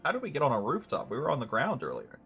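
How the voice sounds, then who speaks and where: Male streamer, sarcastic gameplay commentary, loud laughing reactions, faint game music underneath. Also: medium pitch, wildly swooping pitch, racing. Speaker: gaming streamer.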